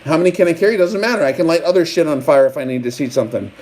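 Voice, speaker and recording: Man taunting with rapid rhetorical questions. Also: on the high side, a little mellow, poor audio. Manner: mock-taunting, fires rhetorical questions at the audience. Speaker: livestream host. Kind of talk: rambling live-stream rant.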